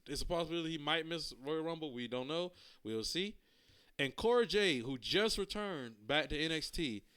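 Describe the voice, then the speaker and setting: A man's voice: fairly high pitch, a bit bright, smooth. Slangy man co-hosting a wrestling podcast. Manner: loose and slangy, rambling. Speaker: podcast co-host. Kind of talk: casual wrestling chat.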